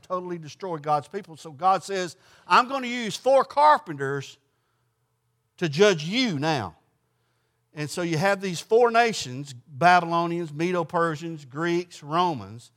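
A man's voice: sits high, fairly bright tone. A man leading an informal Bible study class in a folksy way, putting questions to the group and answering them himself.

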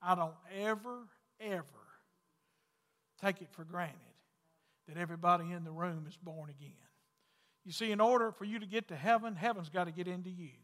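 A pastor preaching in a long, ringing hall. His voice sits high for a man, bright and forceful. He moves from loud calls to hushed, intimate lines in a folksy way. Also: normal speed. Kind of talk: sermon.

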